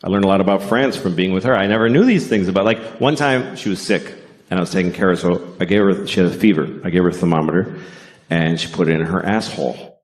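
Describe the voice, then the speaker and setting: Deadpan, profane male stand-up comic. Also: sits low, fast. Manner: deadpan, profane, acts out bits. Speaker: stand-up comedian. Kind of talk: stand-up comedy set. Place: stage before a live audience.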